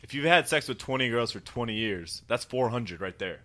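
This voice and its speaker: Lively, bright-voiced man steering the chat. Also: medium pitch, normal speed. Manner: jokey, steers the conversation. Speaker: podcast co-host. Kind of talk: casual chat.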